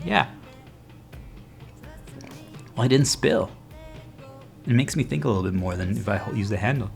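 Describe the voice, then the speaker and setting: A man's voice: expressive, normal speed, vocal fry, long pauses, faint music behind. A man giving a motivational talk to his viewers, earnest, often asking if they follow, and jumping into quoted voices. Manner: earnest, repeatedly checking the audience follows; acts out quoted voices with sudden pitch jumps. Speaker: motivational speaker.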